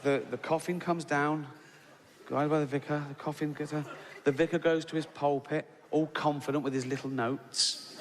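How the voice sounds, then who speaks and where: A man does stand-up storytelling, conversational in manner, dropping "right?" after lines and chuckling at his own jokes. His voice is fairly high at normal speed, and the recording has a long reverb tail and background noise.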